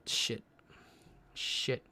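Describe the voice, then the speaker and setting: A man streaming live and chatting casually with his viewers while he paints a miniature, swearing often and muttering quietly as he concentrates. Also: drawn-out words. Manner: relaxed, swears often, talks to chat while working.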